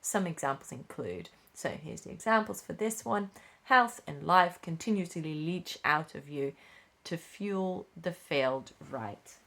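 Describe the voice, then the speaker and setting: Young woman, low gravelly voice, casual rulebook reader who stumbles and corrects herself. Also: expressive, fairly bright tone. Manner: unhurried, with frequent fillers and self-corrections. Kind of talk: casual reading aloud of game rules.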